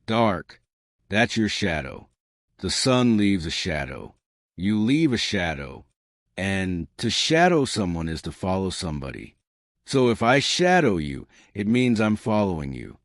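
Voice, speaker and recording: A man with a lowish voice that swings up and down in lively arcs, teaching learners at an easy, encouraging clip. He keeps checking in with his listeners as he talks. The sound is dry and close, with no room around it. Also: unhurried, dry recording. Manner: encouraging, repeats "right?" to check in. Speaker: English teacher.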